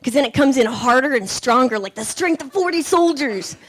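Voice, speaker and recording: A woman's voice: high voice, animated, moderate pace, a bit bright. A woman doing a stand-up comedy set on a club stage, punchy and sassy, slipping into impressions of relatives and men.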